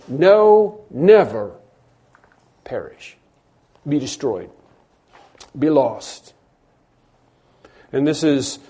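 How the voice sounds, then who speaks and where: Male preacher, emphatic and repetitive, mellow tone, slightly high pitch. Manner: emphatic, repeats phrases, swings between loud stresses and quiet drops. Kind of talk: sermon.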